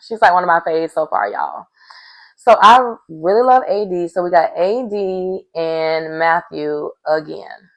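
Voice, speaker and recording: A woman recaps a dating show in a relaxed, conversational vlog. Her voice carries a gravelly, fry-tinged edge, and she speaks at a slow, easy pace. She throws in sassy remarks aimed directly at her audience. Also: lowish voice. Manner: sassy, talks straight to viewers with asides. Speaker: reality show recap vlogger. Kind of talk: casual chatty episode recap.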